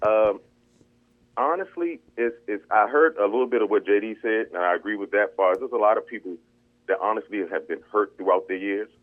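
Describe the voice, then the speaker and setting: Phone-in guest, man: quick, candid, tinny phone sound. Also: on the low side. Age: older. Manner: candid, repeats words while thinking. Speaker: caller. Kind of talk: casual chat.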